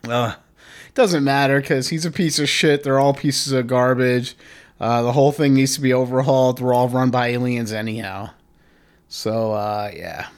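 A man's voice: medium pitch, moderate pace. A man hosting a solo comedy podcast, rambling and swearing, drifting nearer and farther from the mic. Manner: profane, rambling, animated; moves closer to and away from the mic. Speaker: podcast host.

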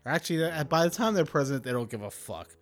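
A man hosts a solo podcast in a rambling, profane rant. He swings between loud, heated bursts and low, muttered asides. His pitch sits in an ordinary middle range, and faint music plays under the talk. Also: very animated, fast. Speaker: podcast host. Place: home setup, recording alone.

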